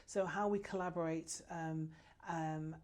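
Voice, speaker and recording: Passionate woman with a low voice. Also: fairly even intonation, unhurried, darkish tone. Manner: passionate, effusive, frequent restarts. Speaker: guest, new business chamber president. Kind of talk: interview answers.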